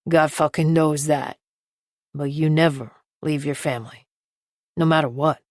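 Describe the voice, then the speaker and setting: A woman's voice: sits low, fairly even intonation, a little slow, darkish tone, no room sound, clean studio sound. A woman narrator voicing a menacing middle-aged male crime boss who talks in a coarse, threatening way in an audiobook.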